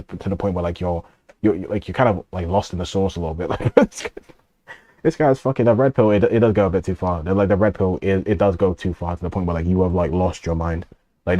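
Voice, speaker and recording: A man's voice: deep voice, dark tone. A man streaming and reacting to a video, rambling and swearing with frequent laughs. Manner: rambling, profane, laughs often.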